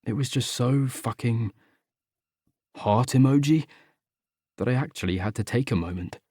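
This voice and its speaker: A man narrates a first-person audiobook with a wry, conversational delivery. His voice sits at an ordinary middle pitch and is recorded close and dry, with no room sound around it. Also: moderate pace, warm tone, breathy edge, no room sound.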